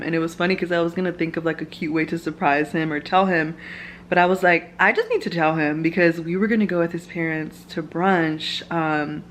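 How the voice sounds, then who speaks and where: A woman's voice: fairly low pitch, fairly even intonation, moderate pace, a little hiss or hum. A young woman vlogging at home, telling a personal story in casual chat full of "like" fillers. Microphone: camera mic, filming herself.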